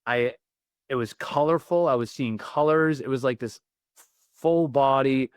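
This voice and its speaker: A man as a podcast guest, telling a personal story in an earnest, vivid and excitable way, often repeating words. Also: mid-range voice, measured pace, smooth, dry recording, clean studio sound.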